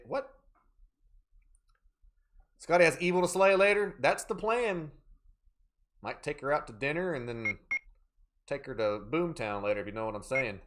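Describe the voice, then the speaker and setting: Streaming a horror game live, this man cracks jokes, trades playful banter with chat, and calls out viewers by name to thank them. His voice is fairly high and bright, with a little hiss or hum on the recording.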